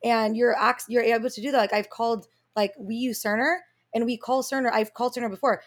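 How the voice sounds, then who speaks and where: A woman's voice: a little high, steady tone, a little fast, few pauses. A woman co-hosting a podcast, talking emphatically and reassuring her co-host. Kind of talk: casual chat.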